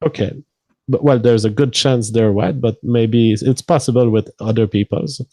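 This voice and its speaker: A man's voice: mid-range voice, fairly even intonation, normal speed, dark tone, no echo. A man with a French accent, co-hosting a casual livestream and reading viewer donation messages aloud, then commenting on them.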